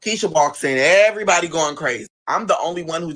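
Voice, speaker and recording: A young man casually telling a long family story, animated and quick to act out what each relative said. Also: a little high. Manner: animated, acts out family members' lines in his own voice. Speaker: guest telling his story.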